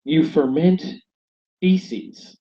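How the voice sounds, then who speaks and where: A man's voice: on the high side, very slow, dark tone. A man from Saint Louis co-hosting a comedy podcast, dropping dry one-liners and laughing often, recorded inside a yurt. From Saint Louis, USA. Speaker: podcast co-host. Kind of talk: casual comedic chat. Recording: lo-fi, dull recording.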